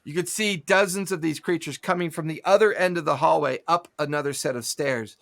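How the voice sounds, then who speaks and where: Gravelly game master voicing gunfire. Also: male voice, a little high, brisk, a bit bright. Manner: vivid narration with gunfire sound effects. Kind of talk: narrating a tabletop game.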